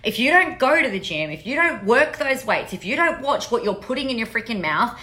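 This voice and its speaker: Bright-voiced, blunt, sweary woman. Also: fairly high pitch, sing-song, brisk. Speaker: podcast host. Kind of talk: casual monologue.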